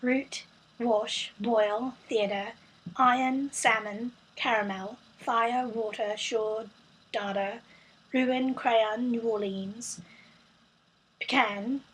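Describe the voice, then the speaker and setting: A hesitant put-on British voice reads a word list, a bit quieter than her usual talk, breathy and fairly high. It stumbles and repeats words to get them right, as an American woman puts it on. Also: fairly even intonation, extremely slow, heavily acted, poor audio. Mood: mock British. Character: young woman putting on a fake British accent.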